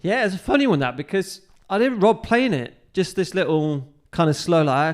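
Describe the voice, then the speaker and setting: A man's voice: on the high side, moderate pace, hardly any pauses, darkish tone, clear, resonant tone. A middle-aged male musician chatting as a podcast guest, telling stories with many restarts. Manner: rambling storyteller with many restarts. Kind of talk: casual conversational interview.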